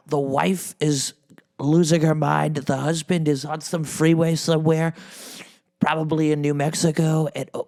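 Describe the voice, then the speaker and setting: A man's voice: on the high side, vocal fry. A man doing a comedic impression of a boastful former president hosting a podcast, rambling and repeating himself.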